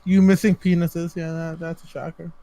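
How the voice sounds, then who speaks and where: A man's voice: fairly high pitch, little pitch movement, moderate pace, mellow, dry recording. A man co-hosting a podcast, ranting sarcastically with heavy swearing in casual banter. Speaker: podcast co-host.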